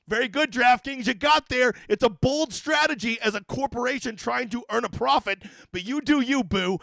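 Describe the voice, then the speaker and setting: A man's voice: very high-pitched, moderate pace, vocal fry, few pauses, pushed and bright, dry recording. A man hosting a fantasy golf livestream in a casual, profane, ranting way, with brash jokes aimed at his viewers. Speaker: daily fantasy golf streamer.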